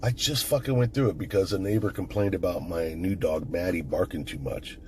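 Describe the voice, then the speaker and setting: A man's voice: low voice, a little fast, a little mellow, slight background noise. A middle-aged man who is the channel host, talking bluntly in a casual monologue, swearing constantly as he tells stories.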